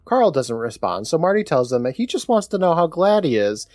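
A man's voice: fairly high pitch, a little fast, dry recording, clean studio sound. A man co-hosting a podcast, retelling a horror episode in a casual, joking storytelling way. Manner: animated storytelling with a laughing, joking tone. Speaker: podcast co-host.

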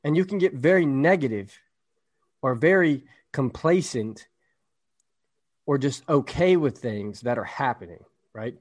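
A man's voice: medium pitch, animated, measured pace. A man co-hosting a podcast, talking in a casual, emphatic, motivational way and checking in with "right?". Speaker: podcast co-host.

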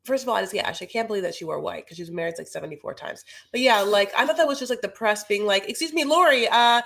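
A woman in an animated, gossipy podcast chat, stacking fillers as she recaps. Her pitch climbs and dips as she talks. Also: very fast, vocal fry. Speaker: podcast co-host.

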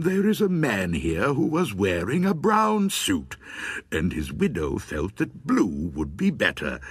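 A man voicing a calm, matter-of-fact undertaker, spoken deadpan and unhurried. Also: low voice, slightly rough, no room sound, exaggerated voice.

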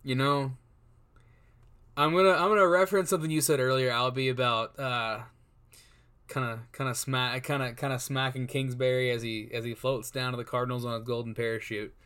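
A man's voice: mid-range voice, fairly even intonation, a little fast, fairly bright tone, clean tone. A man co-hosting a casual sports chat, rambling and repeating words as he works out his guesses. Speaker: co-host.

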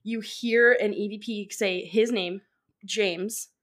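A woman co-hosting a podcast in casual chat, rambling and excitable, filling her talk with "like.". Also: mid-range voice, unhurried. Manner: rambling, fills with "like"; excitable, laughs often. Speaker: podcast co-host.

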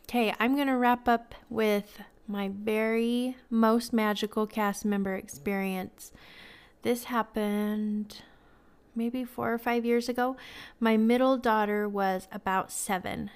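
This is a woman in her thirties hosting a casual podcast. Her voice sits a little high and comes across clear and smooth. She talks in a chatty, sentimental way, with scattered ums and small laughs. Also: fairly even intonation, slow pace. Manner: emotional, tearful at times, sentimental. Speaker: podcast host.

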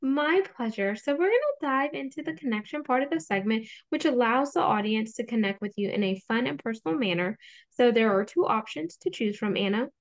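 An upbeat woman hosts a podcast interview. Her voice sits a little high, and she plays host like a game show, bright and playful. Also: animated, fairly quick.

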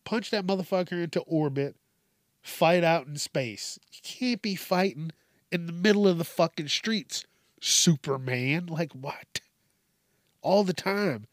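Man, podcast host, unhurried delivery, dry close sound, rambling and profane. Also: fairly high pitch, animated, no echo. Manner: rambling, profane, self-mocking. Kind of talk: casual solo monologue.

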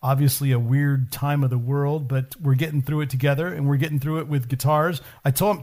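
A man's voice: mid-range voice, steady tone, fairly quick, a little mellow, slight background noise. A man hosting a podcast, chatting casually and often restarting his sentences. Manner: friendly, stammering restarts. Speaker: podcast host. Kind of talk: casual chat.

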